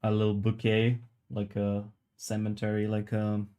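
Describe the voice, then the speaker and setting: A man with a lowish voice talks to his live viewers while he works, rambling from one joke to the next. His delivery stays fairly level and unhurried in its melody, with a casual swear here and there. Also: monotone, warm tone, clear, resonant tone. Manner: rambling, joking, reads chat aloud. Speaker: livestreamer sculpting while chatting.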